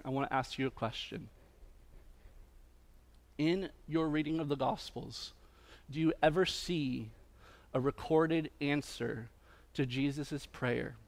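A man preaching a sermon as a pastor, using repeated refrains and swinging between loud emphatic lines and hushed quiet ones. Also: medium pitch.

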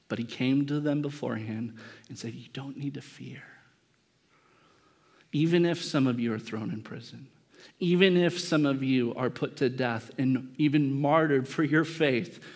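A male pastor preaching a sermon in a conversational way, acting out the quoted speakers as short bits of dialogue. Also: medium pitch.

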